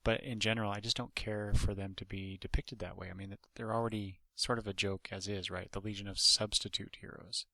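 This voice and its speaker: Gravelly, low-voiced man rambling. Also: level tone, brisk, few pauses, bright, forceful tone, dry recording. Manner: rambling, with many restarts and asides. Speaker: podcast host and comic reviewer. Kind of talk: casual comic book review.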